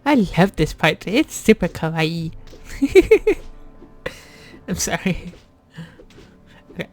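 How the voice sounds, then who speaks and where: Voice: medium pitch, big pitch swings, slow pace, soft background music. A YouTuber giving casual let's play commentary, rambling and self-deprecating, with plenty of swearing and restarts. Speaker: YouTuber playing a game.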